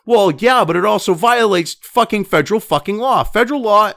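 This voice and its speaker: A man angrily ranting and cursing as he reads news items aloud, breaking off into loud outbursts. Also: sits high, brisk, gravelly, no room sound, studio quality. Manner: angry, swearing constantly, swinging between flat reading and loud outbursts. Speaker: commentator reading and reacting to news. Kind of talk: profane political rant over news reading.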